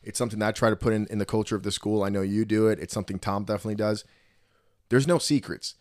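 A man's voice: fairly low pitch, fairly even intonation, very fast, dry recording, studio quality. A man from New Jersey hosting a casual podcast chat, telling stories and swearing freely. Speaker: podcast host, gym owner.

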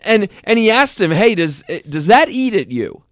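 Animated, lively male co-host. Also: high-pitched, normal speed, no echo, clean studio sound. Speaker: podcast co-host. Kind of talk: casual movie chat.

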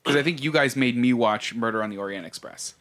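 A man's voice: mid-range voice, quick pace, fairly bright tone. A man co-hosting a podcast, casually chatting and asking his co-hosts questions in a thoughtful way. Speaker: podcast co-host. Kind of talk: casual chat.

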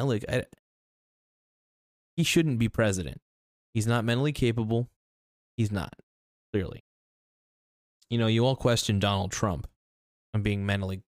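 Brief: young male vlogger, low voice, crude rambling rant, dry close sound. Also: a little mellow, no room sound. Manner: blunt, crude, rambling with restarts. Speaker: political vlogger. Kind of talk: ranting monologue to camera.

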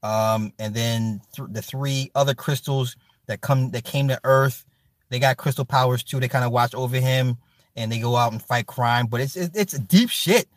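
Casual streamer host, male, mid-pitched, profane and animated, dry close mic. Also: normal speed, no echo. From Chicago. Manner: loose, profane, animated storytelling with loud outbursts. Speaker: livestream host reading chat. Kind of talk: casual chat.

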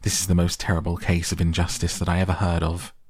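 A man's voice: low-pitched, monotone, quick pace, husky, no room sound, studio quality. A man voicing a passionate eight-year-old farm girl who pleads and protests indignantly.

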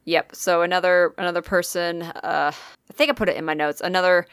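Woman telling a ghost story, smooth voice. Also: fairly low pitch, steady tone, a little fast, fairly bright tone, dry recording. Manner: chatty storytelling, swears freely, many fillers. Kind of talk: casual chat.

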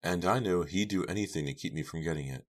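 A man reading the part of a calm, cold woman who holds a gun on people. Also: sits low, fast talker. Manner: calm, hard and quiet.

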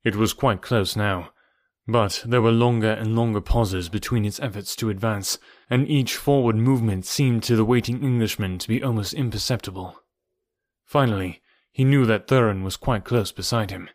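A man reading a novel aloud as narrator, in a measured, somber way. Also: fairly low pitch, no room sound, studio quality. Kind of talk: audiobook narration.

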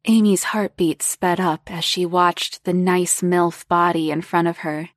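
A woman reading a story aloud as narrator in a slow, even, unhurried way. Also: fairly low pitch, dry recording, studio quality.

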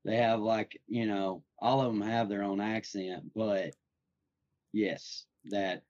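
A man hosting a casual podcast, his voice sitting a bit low. He rambles through his stories with plenty of "like" and "uh." The audio is somewhat dull and lo-fi. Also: steady tone, takes it slowly, darkish tone. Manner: rambling, filler-heavy storytelling. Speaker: podcast host.

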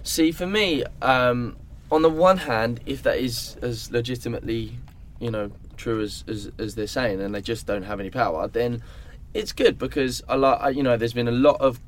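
A man's voice: medium pitch, normal speed, few pauses, a little hiss or hum. A young man chatting casually as a guest, often restarting his sentences with ums. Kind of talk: casual chat.

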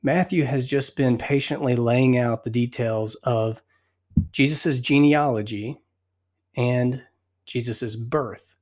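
A man hosting a devotional podcast, reading scripture slowly and reflectively while still out of breath. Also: medium pitch, steady tone, darkish tone. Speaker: podcast host.

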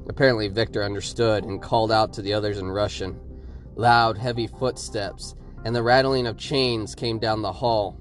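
A man's voice: on the low side, steady tone, moderate pace, soft background music. A man narrating a horror story for a podcast, building suspense with his delivery.

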